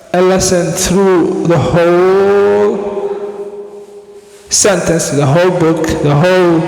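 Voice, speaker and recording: A man muses in a slow, halting monologue and keeps circling back to restart his thoughts. His voice sits a little high. The sound rings around an echoey room with a long reverb tail. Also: vocal fry. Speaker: podcast host. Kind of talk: reflective monologue.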